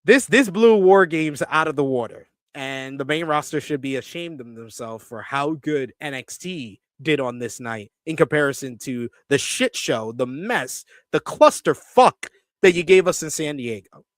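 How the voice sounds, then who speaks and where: A man hosting a live-stream wrestling review, reading viewer comments and ranting loudly at times. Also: a little high, normal speed, no room sound. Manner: animated, swears when ranting.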